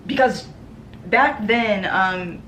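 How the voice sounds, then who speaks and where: A woman's voice: mid-range voice, extremely slow, fairly bright tone. Earnest young woman vlogger, roomy sound. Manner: earnest, many ums, emotional and tearful at times. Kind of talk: casual heartfelt talk to camera. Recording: roomy echo with faint background noise.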